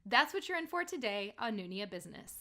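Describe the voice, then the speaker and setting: A woman co-hosting a casual podcast from home, upbeat and quick to laugh. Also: mid-range voice, sing-song, sharp tone. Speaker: podcast co-host. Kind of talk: scripted intro then casual chat.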